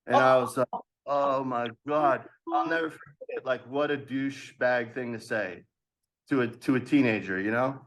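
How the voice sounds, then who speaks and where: A man in his thirties, a podcast guest telling an animated story from his past and acting out the voices of others with laughs. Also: medium pitch, moderate pace. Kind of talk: storytelling in a casual interview.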